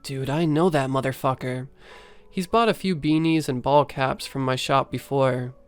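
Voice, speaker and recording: A man voicing a hotheaded, excitable young male friend in a spoken horror story, talking brash and swaggering. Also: mid-range voice, moderate pace, smooth, no room sound, faint music behind, natural voice. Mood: excited, tough.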